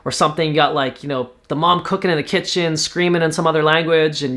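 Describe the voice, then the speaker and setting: A man from Canada casually pitching a TV series, talking in a rambling way with lots of fillers. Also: steady tone, fast talker, hardly any pauses, sharp tone. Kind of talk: casual spoken story pitch.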